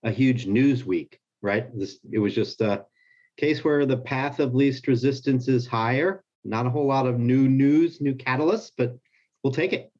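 A man co-hosting a podcast, giving relaxed, measured commentary in casual chat. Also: medium pitch, muffled recording. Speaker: podcast co-host.

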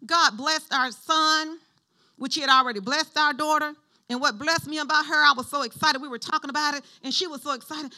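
A middle-aged woman pastor giving a sermon in an animated, conversational style, calling on the congregation to respond. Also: high voice, fairly quick.

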